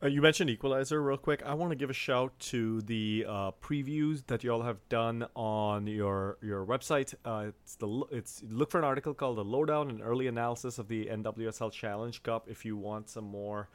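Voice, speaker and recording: A man's voice: medium pitch, moderate pace, hardly any pauses. Man from India, podcast host, loose and jokey. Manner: playful, self-deprecating, asks questions. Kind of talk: casual podcast chat.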